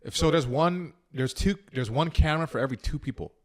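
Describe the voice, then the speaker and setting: Guy comedian on a podcast, talks fast, throws in jokes. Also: on the high side. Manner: quick, joking reactions. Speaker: comedian and video editor. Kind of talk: casual podcast chat.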